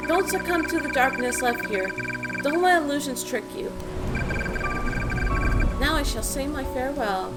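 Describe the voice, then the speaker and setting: Casting: a calm, solemn ghost woman, read by a woman, high and slow, game music loud. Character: solemn female ghost giving warnings.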